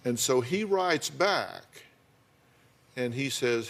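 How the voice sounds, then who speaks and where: This is an older man hosting a talk show. He questions his guest in a folksy, probing way and reads her letters aloud at an even, middling pitch. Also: slow, vocal fry, long pauses.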